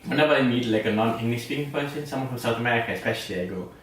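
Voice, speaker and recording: A man from India with an Indian accent, co-hosting a casual podcast chat, animated and full of restarts and laughter. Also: mid-range voice, racing. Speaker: podcast co-host. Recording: echoey room, distant mic.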